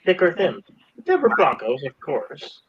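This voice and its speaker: A man co-hosting a podcast, chatting casually, halting and repeating his words. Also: a little high, huge pitch swings, highs cut off, crowd noise. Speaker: podcast co-host. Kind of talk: casual chat.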